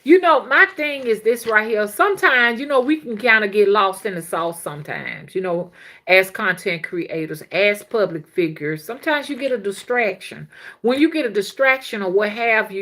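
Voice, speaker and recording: A woman's voice: medium pitch, moderate pace. A woman, hosting a casual livestream as a spiritual reader and chatting with viewers. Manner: chatty, laughs often, slangy and animated.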